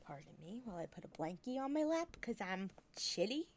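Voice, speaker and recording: A woman's voice: mid-range voice, very animated, fairly quick, a little mellow, a little hiss or hum. A woman streamer chatting and giggling through asides while she plays a game. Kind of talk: casual game commentary. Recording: game music behind.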